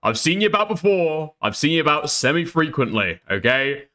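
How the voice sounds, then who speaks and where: A man's voice: a little high, sing-song, a little fast, sharp tone. A man doing casual reaction commentary as a streamer, blunt and profane, tagging his points with "okay?".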